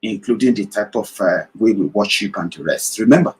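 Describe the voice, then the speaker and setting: A man's voice: on the low side, expressive, a little fast, rough recording. A man with a Nigerian accent hosting an impassioned political commentary broadcast, speaking emphatically, asking listeners direct questions and repeating his points.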